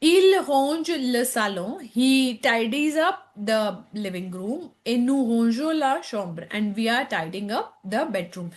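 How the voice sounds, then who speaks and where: A woman with an Indian English accent walks through a French textbook lesson, reading each line aloud, translating it into English, and checking in with "okay?" as she goes. Her fairly high voice is expressive and slow, with hardly any pauses.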